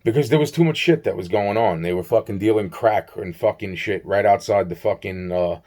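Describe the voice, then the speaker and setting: This male vlogger has a lowish, darkish voice and a brisk delivery. He rambles through a profane storytime about a strange encounter, acting out both sides of the dialogue and repeating himself frequently.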